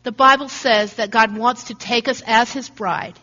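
High-voiced woman preaching a sermon. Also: fairly even intonation, normal speed, pushed and bright. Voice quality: earnest storytelling, acts out quoted voices. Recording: dull recording in a reverberant hall.

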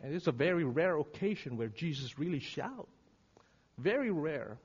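A man preaching a sermon, dramatic and swinging from hushed words to shouting. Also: a little high, very animated, normal speed, breathy edge. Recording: reverberant hall, dull lo-fi sound.

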